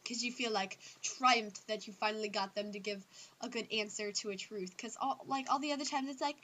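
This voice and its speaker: A teenage girl ranting casually to her camera about things she hates, acting out other people's lines in squeaky voices. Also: a little fast. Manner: animated, acts out others in high squeals. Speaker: vlogger. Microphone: built-in camera mic.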